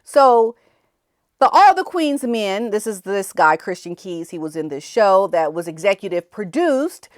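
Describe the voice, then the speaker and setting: A woman hosting a casual commentary show, animated, often laughing and acting out the people she quotes. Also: mid-range voice, measured pace, no room sound, clean studio sound. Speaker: commentary channel host.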